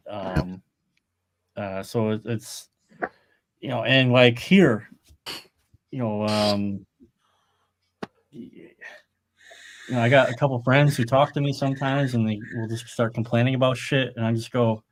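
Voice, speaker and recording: A middle-aged podcast co-host chats casually on a live stream, rambling and cursing freely. His voice is mid-range, and he takes his time, leaving long pauses.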